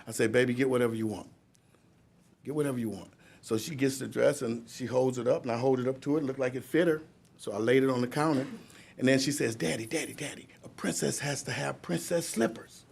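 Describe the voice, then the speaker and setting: Gravelly-voiced man telling his recovery story. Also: medium pitch, fairly even intonation, quick pace, darkish tone, slight background noise. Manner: rambling, conversational, laughs at himself. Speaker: drug court graduate giving a testimony. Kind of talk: personal recovery testimony to an audience. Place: courtroom ceremony.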